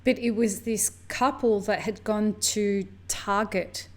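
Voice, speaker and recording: American woman, podcast host, mid-pitched voice, lively and conversational. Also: slow pace. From United States. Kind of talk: casual conversation.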